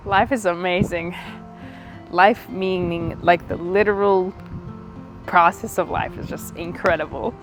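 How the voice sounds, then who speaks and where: A woman's voice: fairly low pitch, normal speed, a little mellow. A woman chatting casually in her own gardening vlog, giggly and easily moved, laughing often. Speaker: gardening vlogger. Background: music.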